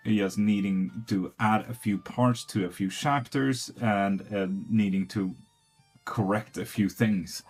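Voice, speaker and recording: A man's voice: fairly low pitch, husky. A man giving casual tarot readings on a live stream, blunt and swearing freely.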